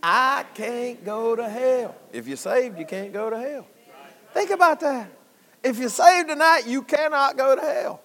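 Preacher guy, bright sharp tone, folksy, shouts then drops low, echoey church. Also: measured pace. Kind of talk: sermon.

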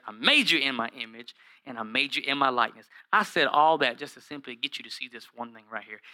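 A man pastor preaching a lively sermon, acting out Bible characters in comic voices and calling out to his listeners. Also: mid-range voice. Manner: animated, acts out Bible characters in funny voices, calls to the congregation by name.

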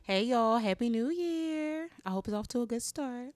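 A woman's voice: on the high side, animated, moderate pace, a little hiss or hum. A young woman guest on a podcast, chatty and gossipy. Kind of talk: casual podcast chat.

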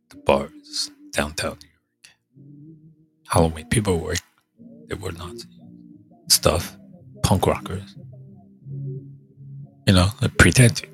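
A podcast host, a man with a congested, hoarse voice, rambling in casual chat, halting and trailing off as he thinks aloud. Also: deep voice, fairly bright tone.

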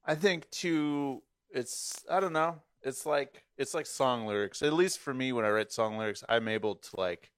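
A man's voice: medium pitch, normal speed, few pauses, a bit bright, smooth, no echo, studio quality. A man co-hosting a casual podcast, making short offhand remarks. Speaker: podcast co-host.

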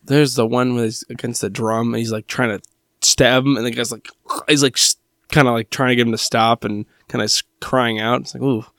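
A man's voice: medium pitch, steady tone, a little fast, fairly bright tone, dry recording, studio quality. A man co-hosting a podcast, chatting in a laid-back way who often finishes his co-host's sentences. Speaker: podcast co-host. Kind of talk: casual chat.

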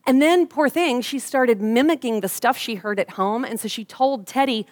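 A woman delivers a sermon in a fairly high voice. She tells a personal story with humor and slips into lively voices when she quotes people. She sounds like she is in her thirties. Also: moderate pace, few pauses. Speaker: pastor.

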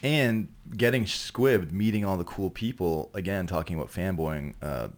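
Deep-voiced Canadian man, rambling and laughing. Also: normal speed. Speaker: guest actor. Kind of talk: casual chat.

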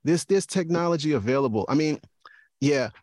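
Halting man in a dry podcast chat. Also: fairly high pitch, animated, a little mellow, dry recording. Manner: halting, repeats words while thinking. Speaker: podcaster and guest. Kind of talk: casual podcast discussion.

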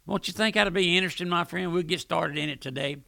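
A man's voice: high voice, quick pace, creaky, pushed and bright, dry recording. An older man preaching a folksy, earnest radio sermon from a studio.

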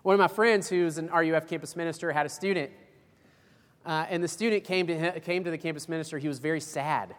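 A man's voice: a little high, steady tone, fast talker, big-room sound. A man preaching a sermon as pastor, folksy and emphatic, with homespun illustrations.

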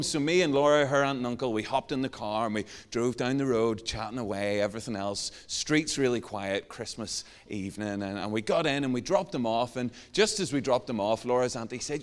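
An Irish man preaching a sermon, telling a self-mocking story in a lively way. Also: mid-range voice, fairly quick, few pauses. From Ireland. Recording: long hall reverb.

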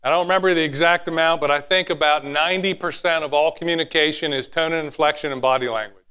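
A man delivering a sermon in a high, bright voice. He is animated, sometimes drops to a hushed tone and acts out little quotes as he preaches. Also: fast talker, smooth. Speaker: pastor.

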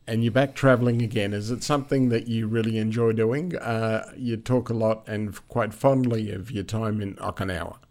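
A man interviewing a guest, asking measured, open questions. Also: lowish voice, steady tone, a little mellow.

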